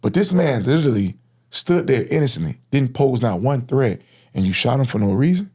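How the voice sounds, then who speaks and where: A man's voice: mid-range voice, sing-song, brisk, a little mellow, husky. Slangy man telling his life story. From Florida. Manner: casual, slangy, earnest, frequent "bro". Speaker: guest. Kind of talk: personal storytelling in interview.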